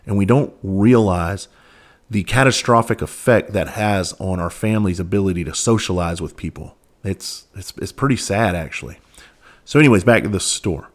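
A man's voice: sits low, normal speed. A man hosting a podcast, telling stories in a candid, earnest way and swearing freely. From Southern United States. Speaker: podcast host. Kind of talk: casual storytelling monologue.

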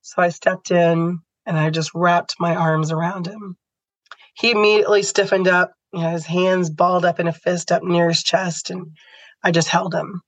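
A woman's voice: fairly low pitch, level tone, moderate pace, no echo, poor audio. Earnest woman podcast host, dry sound. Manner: earnest, heartfelt. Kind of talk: personal storytelling monologue.

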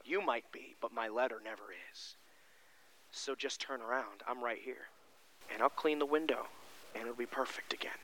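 Jesus, soft and hushed, as a pastor voices him. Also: male voice, on the high side, lively intonation, a little fast, hardly any pauses, full character voice, poor audio. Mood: hushed comfort. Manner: soft, hushed, partly whispered. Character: gentle, patient, loving Jesus speaking tenderly.

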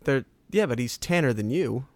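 A man's voice: mid-range voice, expressive, moderate pace, a little mellow, dry recording. A young man co-hosting a podcast from his bed at home, teasing his friends in a laid-back way and swearing now and then. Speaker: podcast co-host. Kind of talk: casual chat. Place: bedroom at home. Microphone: home mic on a stand.

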